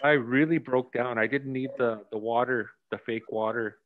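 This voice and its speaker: A man's voice: mid-range voice, steady tone, normal speed, narrow, tinny audio, slight background noise. A man directing and coaching actors in a rehearsal, explaining scenes reflectively and sharing stories.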